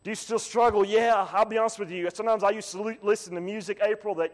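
A man preaching a sermon as pastor, swinging from quiet, low asides to loud, rising calls. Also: steady tone, fast, big-room sound.

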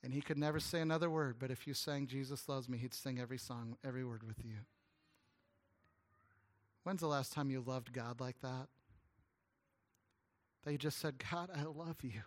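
A man preaching a sermon as a guest pastor, telling an earnest story with stammered restarts and some hushed, tender moments. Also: medium pitch, fairly even intonation, normal speed, long pauses. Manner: drops to a hushed, tender voice at emotional points.

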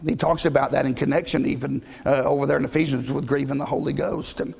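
A man's voice: medium pitch, little pitch movement, quick pace, creaky, darkish tone, breathy edge, in a large hall. A man preaching a sermon in an emphatic, conversational way, often asking the congregation questions.

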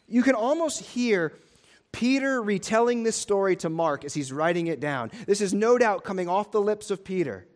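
High-voiced pastor preaching emphatically. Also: male voice, lively intonation, moderate pace. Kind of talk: sermon.

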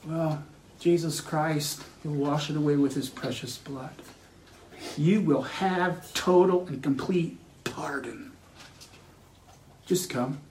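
A man's voice: fairly high pitch, slow pace, pauses often, darkish tone, echoey room, a little hiss or hum, low-quality recording. A man preaching a sermon as pastor, earnest and emphatic, building his points through repeated phrases.

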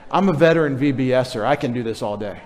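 A middle-aged man preaches a sermon with a playful, teasing manner, coaxing the children to answer and repeat after him. His voice sits at an ordinary middle pitch for a man. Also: lively intonation, fast, darkish tone. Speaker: pastor.

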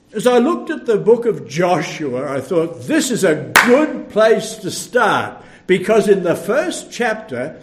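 An older man preaching a sermon, slow and emphatic, with sudden loud bursts when he tells a story. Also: high voice.

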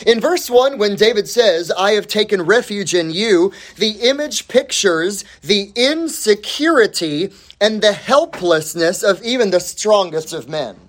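A man preaching an expository sermon, reading scripture and then teaching from an outline, with deliberate phrasing that lets the ends of phrases sink low and soft. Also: expressive. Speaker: pastor.

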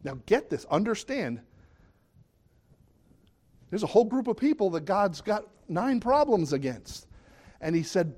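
Asking the audience questions as he goes, a middle-aged man delivers a sermon in a conversational manner. He sounds a little high, with a darkish tone, lively intonation, and moderate pace.

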